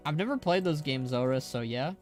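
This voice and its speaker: A man's voice: medium pitch, animated, brisk, faint music behind. A man streaming a game, chatting casually, playful and teasing, laughing often. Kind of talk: casual chat while gaming.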